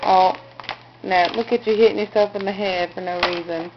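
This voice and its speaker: A woman's voice: mid-range voice, fairly even intonation, moderate pace, dull audio, over music. A mother talking to her baby in a home video, with coaxing, sing-song baby talk.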